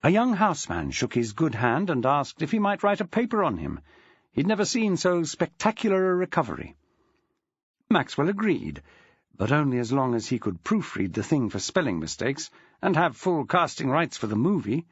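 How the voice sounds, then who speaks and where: A man's voice: a little high, big pitch swings, moderate pace, husky, dry recording, dull audio. A man narrating an audiobook in a dry, wry storytelling manner. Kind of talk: scripted narration.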